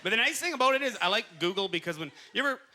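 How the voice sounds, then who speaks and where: A man doing stand-up comedy, acting out voices as he tells stories. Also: racing. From Canada. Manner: animated, acts out voices with big pitch jumps. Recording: live club set with audience laughter.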